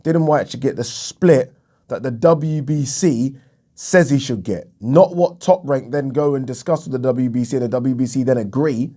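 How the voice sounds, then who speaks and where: This is a dark-toned, mid-range male voice at a normal speed, with an English accent. He's ranting solo about boxing in a vlog, indignant and emphatic, cursing freely and repeating himself for effect.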